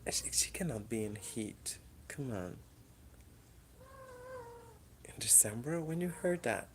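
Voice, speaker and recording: A woman's voice: rumbling low, animated, slow. Woman in her apartment talking to her cats, chatty and teasing, faint hiss behind. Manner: chatty, coaxing and teasing with the cats, drops grammar endings. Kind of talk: casual chat to pets at home. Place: apartment indoors. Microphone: camera in the room.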